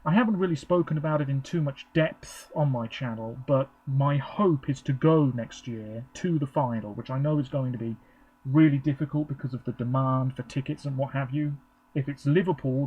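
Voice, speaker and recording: Man, casual reaction vlog, rambling and chatty, mid-pitched, slightly dull recording. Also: a little mellow, slightly rough. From England. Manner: rambling, chatty, frequent ums. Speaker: vlogger. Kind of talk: casual live reaction commentary.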